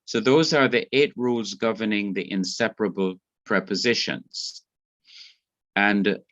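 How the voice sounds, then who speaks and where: A man teaching Hebrew grammar in an online class, explaining slowly and carefully with restarts. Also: lowish voice, no echo, muffled recording. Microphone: video call.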